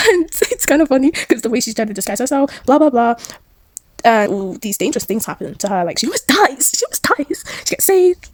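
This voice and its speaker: A woman's voice: fairly high pitch, big pitch swings, brisk, dry recording. A young woman casually recapping a story, chatty and rambling, giggling and acting out the characters' lines. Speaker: recap vlogger.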